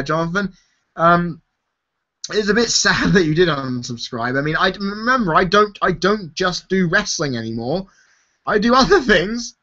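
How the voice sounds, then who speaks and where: The voice sits high with a sharp tone: a tired YouTube host chatting casually through a live-stream Q&A for viewers. He swears freely and laughs a lot, over dull lo-fi stream audio.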